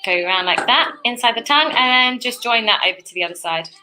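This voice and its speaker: A woman's voice: on the high side, lively intonation, fast talker, noisy background. A young woman giving cheerful, chatty step-by-step painting instructions as a tutorial host.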